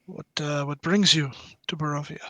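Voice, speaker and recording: A man voicing a courteous, scheming nobleman who talks in a measured, persuasive way. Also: a little high, steady tone, pushed and bright, no room sound, muffled recording. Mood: probing. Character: smooth, scheming male nobleman offering work.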